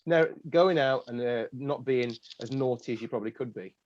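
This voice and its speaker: A man's voice: mid-range voice, moderate pace, darkish tone, no room sound, lo-fi sound. An English man co-hosting a podcast, teasing his co-host in casual chat. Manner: teasing, jokey.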